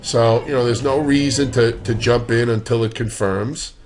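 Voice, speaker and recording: A man's voice: mid-range voice, fairly even intonation, normal speed, a little mellow, a little hiss or hum. A man giving a casual, conversational walkthrough of stock charts, loose in his phrasing and dropping dry, sarcastic asides. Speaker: stock market analyst.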